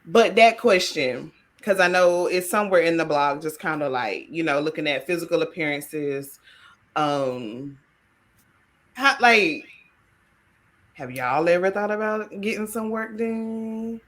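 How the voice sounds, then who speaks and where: A woman's voice: lowish voice, lively intonation, unhurried, a bit bright. A sleepy woman hosting a podcast, chatting casually and putting questions to her co-hosts. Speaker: podcast host. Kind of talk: casual chat.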